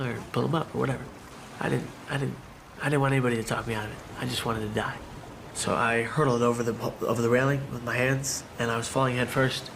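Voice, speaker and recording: A man giving a personal testimony about surviving a suicide attempt, telling it in a halting, emotional way with many restarts. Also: mid-range voice, gravelly, background noise. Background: background music.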